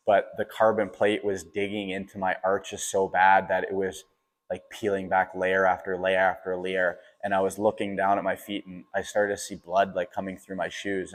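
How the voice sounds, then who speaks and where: Low, flat-voiced young man telling a story. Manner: casual, fills with "like", frequent restarts. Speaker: podcast host. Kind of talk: personal storytelling. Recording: long reverberant echo.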